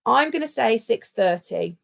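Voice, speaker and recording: A woman's voice: fairly high pitch, expressive, measured pace, creaky. Chatty British woman hosting a livestream. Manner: chatty, rambling, jokey. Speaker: livestream co-host. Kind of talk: casual livestream chat.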